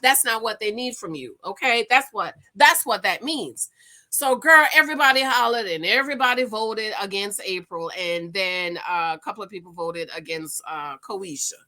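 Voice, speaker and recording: A woman casually recapping a reality dating show to her viewers, animated and gossipy, calling them "girl". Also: mid-range voice, normal speed.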